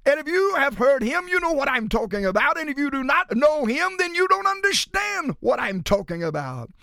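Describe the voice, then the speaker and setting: A man preaching a sermon as a pastor, rising into shouts and then dropping low and slow. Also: big pitch swings, vocal fry, no room sound, clean studio sound.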